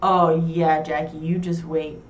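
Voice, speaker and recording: A young woman from New York hosts a casual chat show, talking with blunt, crude, self-mocking humor. Her voice sits a little low and comes from some way off the mic. The room gives it a roomy echo, with a faint hiss underneath. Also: flat delivery, measured pace, highs cut off. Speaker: talk show host. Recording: roomy echo, heard from far off.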